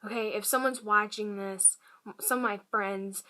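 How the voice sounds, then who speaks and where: A woman vlogger telling a personal story to camera in a halting, hushed way, often dropping to a whisper. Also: mid-range voice, fairly even intonation. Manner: many fillers and restarts.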